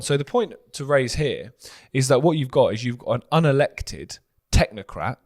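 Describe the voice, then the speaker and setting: A man's voice: mid-range voice, very animated, normal speed, hardly any pauses. A man co-hosting a news commentary show, talking earnestly in long run-on points.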